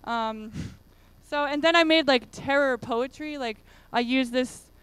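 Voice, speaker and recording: A woman's voice: sits high, unhurried, a bit bright, clear, resonant tone, no room sound. A woman giving a casual conference talk, chatty and full of fillers. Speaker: conference speaker. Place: conference room.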